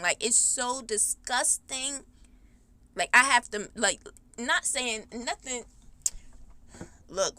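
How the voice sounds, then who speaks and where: A woman's voice: mid-range voice, pushed and bright, no room sound. A woman telling her own story on a podcast in a blunt, heated, profane way, rising to indignant outbursts. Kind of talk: casual storytelling.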